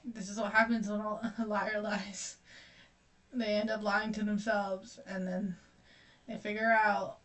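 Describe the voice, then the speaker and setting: A woman's voice: medium pitch, level tone, a little slow, a bit bright. A young woman streamer chatting casually while she paints, rambling, self-deprecating and swearing freely. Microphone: distant mic. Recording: voice distant from the mic.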